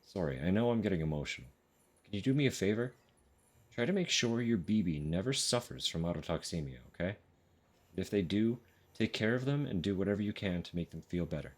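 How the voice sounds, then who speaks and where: An earnest veteran porter confides his worries to a fellow courier, as a man reads the game message aloud. His voice is very deep and low. He talks frankly, like one worker to another. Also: lively intonation, fairly quick.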